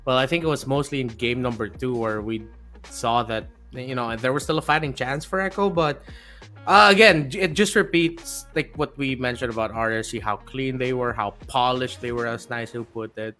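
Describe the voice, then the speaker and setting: A man's voice: medium pitch, moderate pace, pushed and bright, soft background music. A man, an esports caster, analyzing results and thinking aloud on a recap panel.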